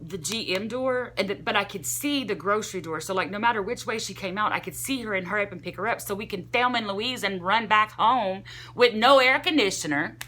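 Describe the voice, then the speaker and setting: A young woman vlogger telling a casual, rambling story, animated and full of "like" fillers. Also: medium pitch, brisk, few pauses.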